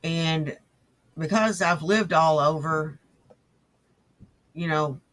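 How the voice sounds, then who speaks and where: A man's voice: on the high side, takes it slowly, fairly bright tone. A man hosting a profane reaction show, mocking and sarcastic as he talks back to clips. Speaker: host.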